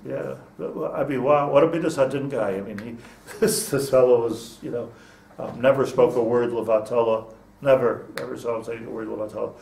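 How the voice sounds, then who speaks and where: His voice is gravelly yet a little mellow, medium in pitch and somewhat quick, as this rabbi gives students an informal Torah class. Talk is chatty, with restarts and Hebrew mixed in, recorded at a distance in an echoey room with slight noise.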